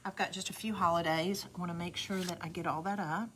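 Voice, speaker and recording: A woman's voice: lowish voice, fairly even intonation, fast talker, fairly bright tone, a little hiss or hum. Chatty Southern woman demoing crafts. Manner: chatty and folksy, addresses viewers as y'all. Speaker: craft host demonstrating a product. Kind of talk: live casual how-to demo.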